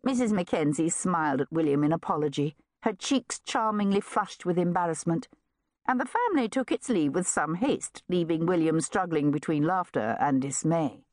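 A woman's voice: on the low side, animated, normal speed, a little mellow, no room sound. Woman narrating in a dry studio. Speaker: audiobook narrator. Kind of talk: scripted narration.

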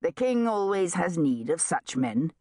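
A woman's voice: on the low side, big pitch swings, measured pace, a little mellow, slightly rough, no room sound, clean studio sound, heavily acted. Woman doing a courteous young officer. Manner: grave, courteous. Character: polite young army officer.

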